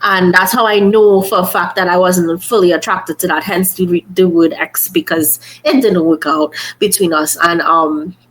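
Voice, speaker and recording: A young woman hosting a podcast, speaking in a slightly low voice. Her talk is casual and earnest, and she rambles as she thinks aloud, often restarting sentences. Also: steady tone, moderate pace, hardly any pauses, poor audio. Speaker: podcast host.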